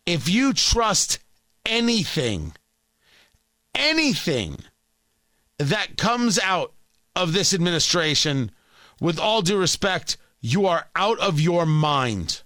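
A man's voice: high-pitched, very animated, slow, pauses often, pushed and bright, no echo, studio quality. A man delivering an indignant opinion monologue, sarcastic, sometimes mocking other voices. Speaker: political commentator.

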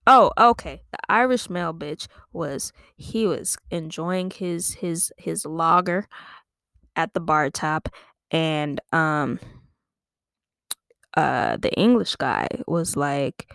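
This woman comedian is improvising a goofy tale for her podcast, wandering off track and laughing at her own jokes. She speaks slowly and expressively in a low register with a fairly bright tone. There's no echo, and the audio is studio clean.

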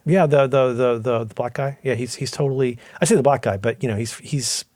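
A man in easygoing podcast conversation, telling stories in a lively way and slipping in quick asides. His voice sits at an ordinary middle pitch. The sound is close and dry, with no room around it. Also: no echo. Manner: animated storyteller, quick asides. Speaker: podcast co-host. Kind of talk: casual chat.

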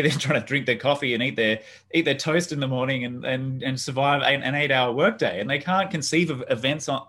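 A man's voice: medium pitch, fairly bright tone, slightly rough. A man hosting a casual podcast conversation, earnest and agreeable, with frequent ums and restarts. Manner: earnest, agreeable, hesitant fillers.

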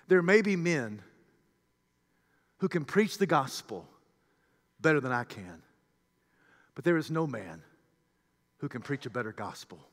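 A man preaching a sermon with passion, swinging from shouted peaks to hushed low passages. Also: big-room sound.

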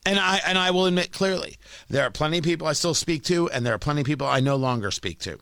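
A man hosting talk radio, delivering an emphatic opinionated monologue that swings from loud scolding to low asides, on a studio mic. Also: quick pace, vocal fry, smooth, dry recording. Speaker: radio talk show host.

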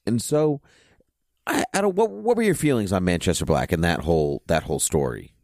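A man's voice: low-pitched, expressive, a little fast, a little mellow, no echo, clean studio sound. A man co-hosting a podcast in a casual chat, rambling and leaning heavily on "you know" as he thinks aloud. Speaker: podcast co-host.

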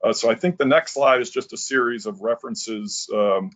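A man giving practical advice on a webinar, speaking hesitantly with many pauses and restarts. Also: mid-range voice, a bit bright. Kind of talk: webinar talk. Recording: lo-fi online call audio.

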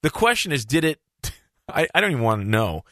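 A man hosting a podcast, telling a story in casual chat, animated and laughing, with lots of restarts. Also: medium pitch, brisk, dry recording, clean studio sound.

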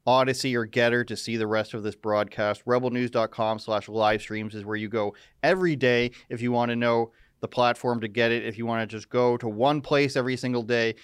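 A man's voice: mid-range voice, steady tone, a little fast, few pauses, smooth, no room sound, studio quality. Joking man hosting a news stream. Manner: joking, sarcastic, rambling asides. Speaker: live stream host. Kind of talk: casual news commentary.

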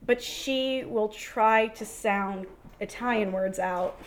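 A woman co-hosting a podcast in casual chat, chatty and quick to laugh. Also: medium pitch, a little hiss or hum. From American South. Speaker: podcast co-host.

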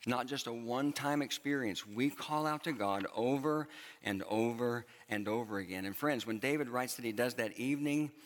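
A man's voice: mid-range voice, normal speed. A man preaching a sermon from a church stage in a conversational way, repeating phrases for emphasis. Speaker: pastor. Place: church auditorium with long reverb. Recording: reverberant hall.

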